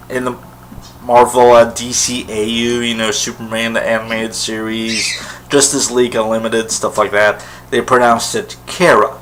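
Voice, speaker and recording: In a casual solo vlog, a man chats to camera about something he loves, rambling eagerly and often restarting or using fillers. His voice sits mid-range and is a bit bright, captured on a rough recording with a little hiss or hum.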